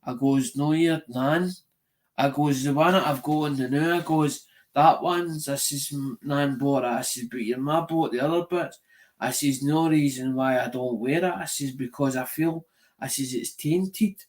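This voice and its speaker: A man's voice: medium pitch, normal speed, a little mellow. A middle-aged Scottish man hosting a live-stream show, chatting casually and telling a rambling story peppered with "right?" and swearing. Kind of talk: casual chat.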